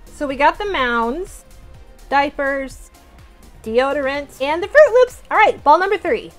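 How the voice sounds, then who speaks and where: A woman's voice: sits high, animated, unhurried, soft background music. A woman toy collector chatting through an unboxing vlog, gushing with gasps and giggles. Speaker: toy collector and channel host.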